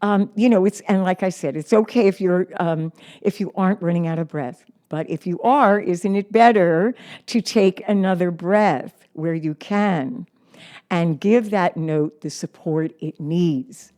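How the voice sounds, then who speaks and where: A middle-aged woman with a warm, fairly low voice teaches a singing lesson, reading aloud from her notes and singing examples. She speaks slowly and encouragingly throughout.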